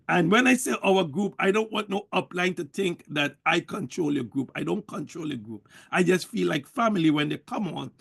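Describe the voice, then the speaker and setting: A man delivers a motivational sales pep talk in a high, gravelly voice. He is preachy and emphatic and hammers the same points again and again. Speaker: network marketing speaker.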